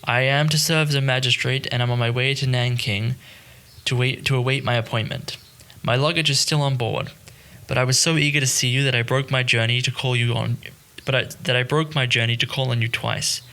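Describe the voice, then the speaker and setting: A man's voice: mid-range voice, steady tone, a little fast, pushed and bright. A man voicing a courteous male official in an audiobook, speaking formally and politely. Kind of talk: audiobook character reading.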